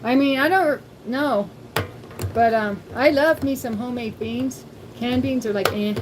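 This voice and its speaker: A woman's voice: on the high side, measured pace, background noise. A woman hosting a casual cooking livestream from her home kitchen, chatty and thinking aloud as she talks to viewers. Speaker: livestream host.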